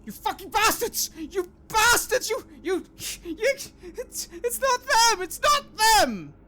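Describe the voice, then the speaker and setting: A woman's voice: very high-pitched, big pitch swings, slow, sharp tone, voice pushed up, exaggerated voice. A woman voicing an agitated, half-crazed young man who screams and sobs. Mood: hysterical. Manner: screaming, tearful, wild.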